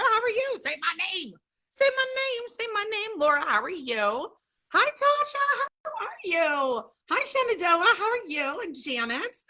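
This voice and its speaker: A woman's voice: sits high, bright, forceful tone. A chatty, bubbly middle-aged woman from Southern California, hosting a casual livestream from home and greeting viewers by name. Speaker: livestream host.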